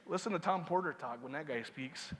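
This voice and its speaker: Male MC, casual and joking with the audience, slightly high voice, large hall reverb. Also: a little fast, fairly bright tone. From Seneca Nation. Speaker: master of ceremonies. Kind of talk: conference opening remarks.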